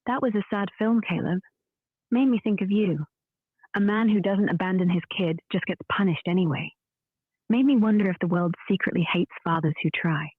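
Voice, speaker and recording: Brief: AI woman voice, calm and wry, slightly breathy, heard through a tinny phone speaker. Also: mid-range voice, moderate pace, no echo. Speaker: AI chat companion. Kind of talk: conversational reply.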